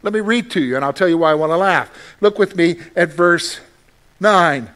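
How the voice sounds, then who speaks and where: Man, pastor, radio sermon, fairly high voice, animated delivery, acts out quotes. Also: moderate pace.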